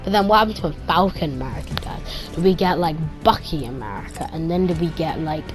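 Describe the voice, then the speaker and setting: Excitable woman recapping with pew-pew noises. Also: deep voice, brisk, over music. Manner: excitable retelling with pew-pew sound effects; rambling, trails off into quiet asides. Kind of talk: casual spoken movie review.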